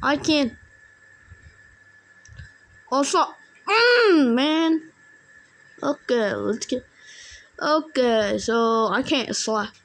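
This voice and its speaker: Excitable high-voiced woman gaming. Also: drawn-out words, long pauses. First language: Indonesian. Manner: excitable, yelling taunts at other players. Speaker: gamer. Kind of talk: casual gameplay commentary.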